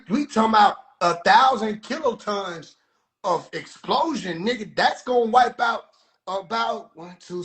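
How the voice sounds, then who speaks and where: A man giving heated, profane, incredulous commentary, often breaking into shouts. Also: high voice. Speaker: video commentator. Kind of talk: ranting commentary.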